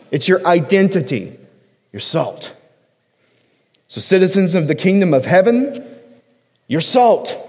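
A man's voice: high voice, darkish tone. A man preaching a sermon in a casual, joking style, hitting single words hard for emphasis. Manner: conversational preaching with joking asides. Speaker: pastor. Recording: long hall reverb.

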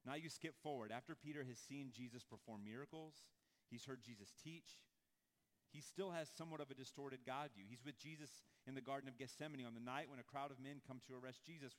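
Man, pastor, sermon, casual asides, mid-pitched voice, long hall reverb. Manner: conversational, animated with asides and acted-out quotes.

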